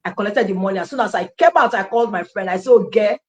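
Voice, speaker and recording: A Nigerian woman recounts her own story as an interview guest, acting out the dialogue of the people she quotes. She talks animatedly at a mid pitch and often slips into Pidgin. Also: very fast, highs cut off. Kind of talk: personal testimony in an interview.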